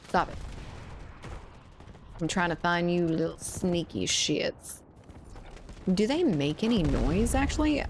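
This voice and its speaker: A woman's voice: low-pitched, very animated, a little slow, long pauses, slight background noise. An American woman streaming a game, chatting casually with viewers, laughing often and swearing now and then. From United States. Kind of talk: casual gaming stream chat.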